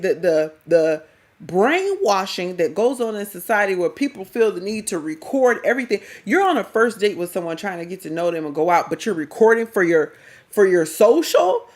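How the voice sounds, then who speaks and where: A woman's voice: mid-range voice, very animated, normal speed. A middle-aged woman, giving blunt, slangy, scolding reaction commentary as a vlogger.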